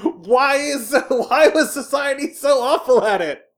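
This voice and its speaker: A woman co-hosting a podcast in casual chat, animated and quick to laugh. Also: high-pitched. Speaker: podcast co-host.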